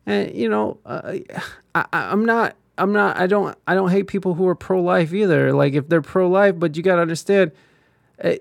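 A man's voice: on the high side, vocal fry, no room sound, clean studio sound. A man ranting in casual commentary, profane and heated, rambling with many restarts.

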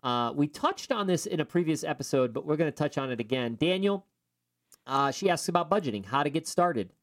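An upbeat man from upstate New York hosts a casual podcast chat. His voice sits a little higher than most men's. He talks with enthusiasm and tosses in quick asides. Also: expressive. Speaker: podcast host.

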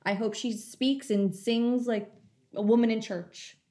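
A woman's voice: fairly high pitch, steady tone, unhurried, warm tone. A young woman telling a long story in casual chat, full of fillers. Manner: chatty storytelling, many fillers.

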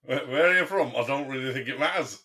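A man's voice: medium pitch, fast, bright, forceful tone, breathy edge. A man co-hosting a podcast, laughing easily and teasing his guest. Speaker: podcast co-host. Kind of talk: casual chat.

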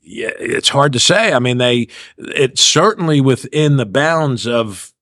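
A man's voice: mid-range voice, animated, a little slow, a bit bright, no echo, studio quality. A man co-hosting a podcast, talking in loose, profane, joking banter. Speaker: podcast co-host. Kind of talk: casual chat. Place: studio of a flooring sponsor.

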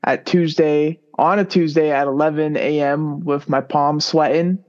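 A man co-hosting a sports podcast, talking in a relaxed, rambling way with lots of fillers. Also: on the high side, unhurried. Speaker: podcast co-host. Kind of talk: casual sports podcast chat. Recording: dull lo-fi sound.

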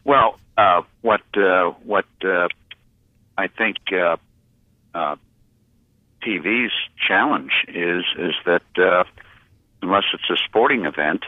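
A man giving interview answers, halting and full of filler sounds and restarts, heard over a phone line. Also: sits low, dry recording. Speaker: interview guest, publisher. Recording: tinny phone line, dry.

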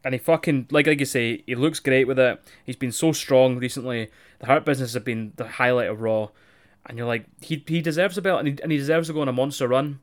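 Chatty young man, mid-pitched. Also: fairly even intonation, quick pace. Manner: chatty, sweary, laughs easily. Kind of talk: casual chat.

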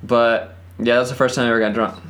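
A man's voice: mid-range voice, little pitch movement, quick pace, fairly bright tone. A young man co-hosting a podcast, rambling through crude stories in a laid-back, casual way. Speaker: podcast co-host. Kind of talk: casual chat.

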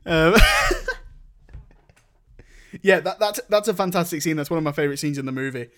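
A young man co-hosts a casual film podcast. His voice sits a little high, and he keeps breaking into laughter while acting out scenes. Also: normal speed, fairly bright tone. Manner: laughs often, acts out movie lines. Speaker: podcast co-host. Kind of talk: casual chat.

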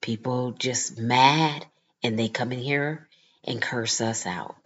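A woman voicing a humble, weary cashier who speaks softly and matter-of-factly. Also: very deep voice, slow pace, slightly rough, highs cut off, pitched below the performer's own voice, full character voice. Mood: resigned.

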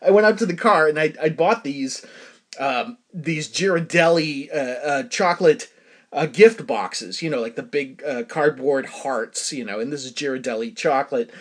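Speaking with a fairly high pitch at a normal speed, this middle-aged show host rambles casually through a personal story, peppered with fillers and bursts of laughter.

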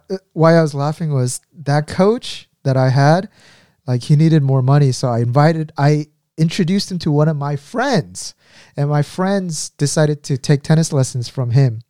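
A man's voice: fairly high pitch, moderate pace, dark tone, no room sound, studio quality. A young man telling stories in casual chat, rambling and laughing, with lots of "like".

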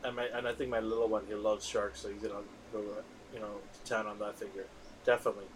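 A man hosting a casual movie chat, excitable and rambling, with lots of fillers and restarts. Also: fairly low pitch, quick pace, slight background noise, rough recording. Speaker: podcast host.

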